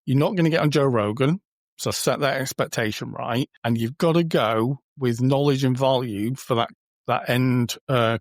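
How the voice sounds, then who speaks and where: Man, podcast guest, chatty and informal, mid-pitched voice, dry close sound. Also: no room sound. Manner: chatty, informal, acts out little quoted exchanges. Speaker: podcast guest, booking company co-founder. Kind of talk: casual conversational interview.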